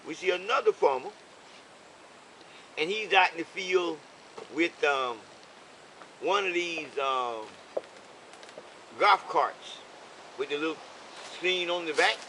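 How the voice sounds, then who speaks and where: Bright-voiced older man telling a story. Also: fairly high pitch, lively intonation, unhurried, long pauses, a little hiss or hum, low-quality recording. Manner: preachy, repeats "okay?" for emphasis. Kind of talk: casual storytelling conversation. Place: in a vehicle.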